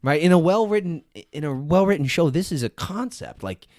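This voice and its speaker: A man riffs sarcastically on a casual podcast, recorded close and dry. His pitch jumps around widely as he mocks what he's watching, and he sounds mock-outraged throughout. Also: animated, a little fast, darkish tone, no echo. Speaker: podcast co-host. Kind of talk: casual recap chat.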